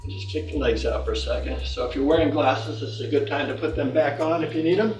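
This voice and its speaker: Man, high voice, fitness instructor, encouraging, echoey room, faint music. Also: fast. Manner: calm, encouraging, counts out moves. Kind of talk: guided exercise class. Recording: echoey room, mic far off.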